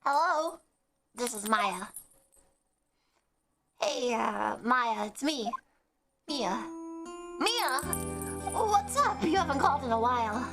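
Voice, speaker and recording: A woman voicing an excitable young girl chatting on the phone in a game, bubbly and teasing. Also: high voice, slow pace, long pauses, heavily acted. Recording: game music behind.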